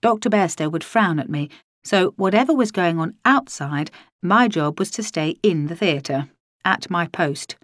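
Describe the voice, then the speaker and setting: A woman's voice: fairly low pitch, animated, unhurried, no echo, clean studio sound. A woman narrating a first-person audiobook in a wry, dryly comic manner.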